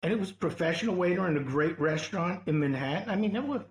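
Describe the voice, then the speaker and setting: A man from Queens tells stories and teases his friends, acting out what people said. His voice sits fairly high, and it rings in a roomy space around the mic. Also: fast. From Queens, New York. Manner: teasing, animated storyteller who quotes people. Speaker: podcast co-host. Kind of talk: casual chat.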